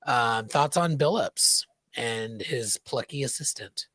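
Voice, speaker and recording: Halting man hosting a podcast chat. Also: mid-range voice, a bit bright, husky, no room sound. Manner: halting, thoughtful, with fillers. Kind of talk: casual chat.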